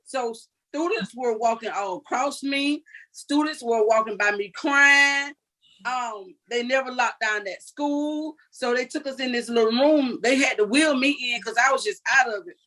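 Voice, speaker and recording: A woman's voice: a little high, a little slow, bright, forceful tone, low-quality recording. An older woman, giving an earnest, vivid personal account as an interview guest. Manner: earnest, recounting vividly with quoted dialogue.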